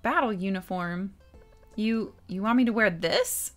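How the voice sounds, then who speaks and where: A woman voicing a shy, earnest young woman from a video game, speaking in a hesitant, halting way. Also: medium pitch, faint music behind, natural voice. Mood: reluctant. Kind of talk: reading game dialogue aloud.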